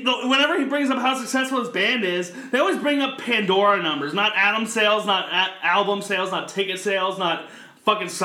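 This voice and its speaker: A man's voice: high-pitched, bright, forceful tone. Ranting profane man, roomy sound. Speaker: podcast co-host. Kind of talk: casual podcast chat.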